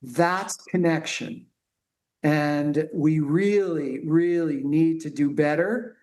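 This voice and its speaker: A middle-aged male pediatrician talking earnestly and haltingly with many restarts in a conversation. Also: fairly high pitch, a little mellow. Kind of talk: conversational interview talk.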